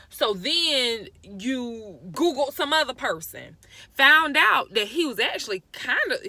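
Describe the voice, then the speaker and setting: A woman's voice: on the high side, bright, forceful tone, no echo. A young woman vlogger ranting to camera, scolding people directly in an exasperated way.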